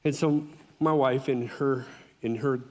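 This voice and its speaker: A middle-aged man giving a personal testimony speech at a conference, telling his story in an animated way with frequent restarts. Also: medium pitch, measured pace. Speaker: conference speaker. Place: conference hall. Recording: long reverb of a large hall.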